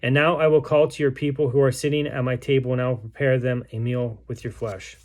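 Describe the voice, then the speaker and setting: A man's voice: mid-range voice, level tone, brisk, darkish tone, lightly acted. A man reading aloud the words of a starving, grief-stricken mother in a besieged city, in a solemn, pleading way. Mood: bitter, accusing.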